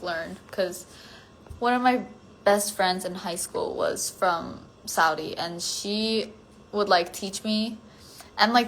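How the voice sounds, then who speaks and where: A young woman chats loosely to her viewers over a phone mic, rambling through her thoughts with a steady stream of fillers. Her voice sits at an ordinary middle pitch and sometimes fades to a near-whisper. A faint hum of room ambience sits behind her. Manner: rambling, filler-heavy, often trailing off quietly. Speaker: livestreamer chatting with viewers. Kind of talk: casual chat.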